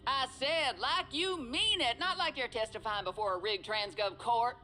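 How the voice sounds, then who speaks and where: An actress voicing a blunt, strong-willed female mercenary in a video game, talking in a gruff, bossy, sardonic way. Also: a little high, normal speed, sharp tone, low-quality recording. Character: tough, blunt woman survivalist mercenary.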